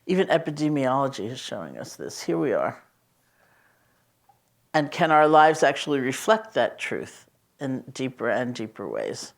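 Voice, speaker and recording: A woman meditation teacher speaking in a conversational, storytelling way, gently emphatic as she teaches about loving kindness. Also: rumbling low, very animated, normal speed, vocal fry. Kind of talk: reflective teaching talk.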